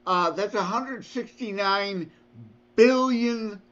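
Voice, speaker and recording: A man co-hosting a podcast, working through numbers out loud in casual chat. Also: sits high, slow. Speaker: podcast co-host. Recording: dull, lo-fi mic.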